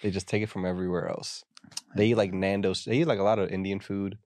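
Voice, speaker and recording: A man's voice: low voice, level tone, fast talker, a little mellow, dry recording, clean studio sound. A young American man in casual chat, ranting and joking with a lot of slang.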